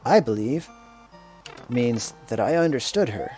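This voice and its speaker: A man streaming a game and chatting casually, telling stories in a rambling, unhurried way. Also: medium pitch, big pitch swings, warm tone. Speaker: streamer and English teacher. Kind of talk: casual chat while playing a game. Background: faint video game music.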